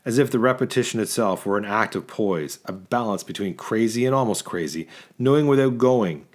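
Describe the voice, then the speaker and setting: Low-voiced man reading literary fiction. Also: brisk. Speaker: audiobook narrator. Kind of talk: scripted literary narration.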